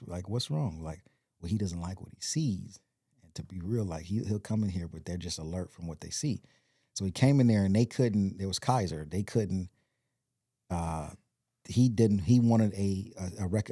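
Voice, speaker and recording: Low, dark-voiced man telling a story. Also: dry recording, clean studio sound. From Compton, California. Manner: rambling, animated retelling with quoted voices. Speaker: podcast guest. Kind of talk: storytelling in casual interview.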